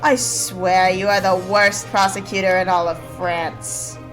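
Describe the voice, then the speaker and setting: A woman voicing a grumpy, impatient male bird judge, reading game dialogue in a gruff, cranky manner. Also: mid-range voice, little pitch movement, soft background music, close to an everyday voice. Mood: irritated. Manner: gruff and cranky, quick to anger.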